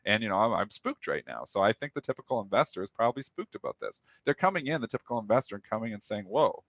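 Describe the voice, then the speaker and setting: A man's voice: lowish voice, big pitch swings, fast, creaky, fairly bright tone, dry recording. A young man co-hosting a live trading talk show, talking candidly and restlessly, often repeating himself. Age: young adult. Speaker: co-host.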